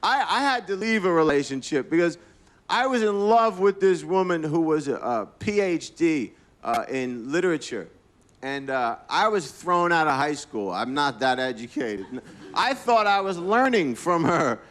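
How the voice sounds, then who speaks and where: A man's voice: on the high side, sing-song, moderate pace, a bit bright. A man performing a stand-up comedy set, telling rambling, profane stories with restarts and acting out what people said, on a club stage. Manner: profane, rambling storytelling with restarts and acted-out quotes. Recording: live club recording with audience laughter and faint noise.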